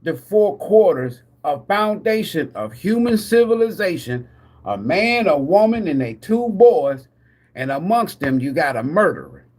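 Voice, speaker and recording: A man hosting a live tarot stream rants like a preacher, swearing heavily in a high, sing-song, unhurried voice. He laughs often, asks viewers questions, and swings between loud bursts and muttered asides.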